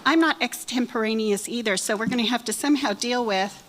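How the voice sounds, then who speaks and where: Bright, chatty woman in her sixties. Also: a little high, brisk. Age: 60s. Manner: self-deprecating, joking, rambling. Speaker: women's Bible study speaker. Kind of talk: chatty church talk. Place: church hall.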